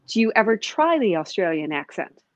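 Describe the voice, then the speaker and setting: A woman's voice: mid-range voice, very animated, brisk, dry recording. Woman host, mid-range voice, dry close recording; teasing, casual. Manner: playful and teasing. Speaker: podcast host. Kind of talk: casual interview chat. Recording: slightly dull, lo-fi sound.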